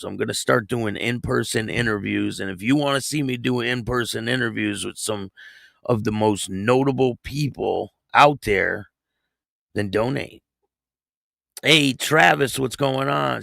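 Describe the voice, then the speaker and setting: This online show host has a fairly low, creaky, fairly bright voice, recorded clean and dry in a studio. During his relaxed livestream he welcomes viewers by name, reads out chat names and donations, and trips a little over news stories he reads aloud.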